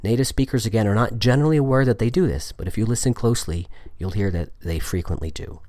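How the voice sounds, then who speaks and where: A man's voice: fairly low pitch, fast talker, warm tone, no room sound. A man giving a podcast lesson on Spanish pronunciation, explaining step by step and repeating example words. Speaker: Spanish teacher.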